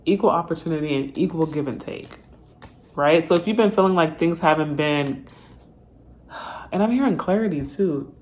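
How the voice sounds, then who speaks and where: A woman's voice: low-pitched, moderate pace, pauses often, a little mellow. A woman giving a casual tarot reading straight to her viewers, chatty and full of slang. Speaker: tarot reader.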